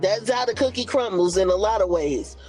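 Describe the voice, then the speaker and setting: A woman's voice: mid-range voice, animated, normal speed, a little mellow, soft background music. A woman co-hosting a casual livestream, speaking with passion and indignation. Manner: passionate, indignant, talks it through. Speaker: livestream co-host.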